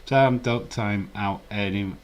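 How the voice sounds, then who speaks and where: Man, casual stream host, rambling, chuckling, lowish voice, faint noise. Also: slow. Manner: rambling, chuckling, chatty asides. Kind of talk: casual live stream chat, reading chat.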